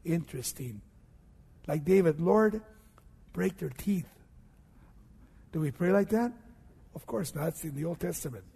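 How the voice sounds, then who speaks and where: A male preacher giving a sermon, swinging from hushed low passages to loud emphatic peaks and asking and answering his own questions. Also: lively intonation, moderate pace, gravelly, pauses often, breathy edge. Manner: asks and answers rhetorical questions. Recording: long hall reverb.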